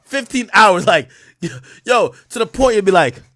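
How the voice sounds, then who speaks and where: A young man ranting on a livestream, animated and profane, with frequent restarts. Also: high voice, a little slow, no echo, clean studio sound. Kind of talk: casual livestream rant.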